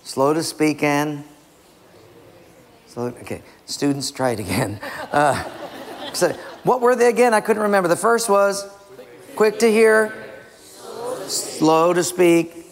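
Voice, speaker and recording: Gravelly guy preaching a lively sermon, long echo in a big hall. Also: on the high side, slow, long pauses. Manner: animated, acts out stories.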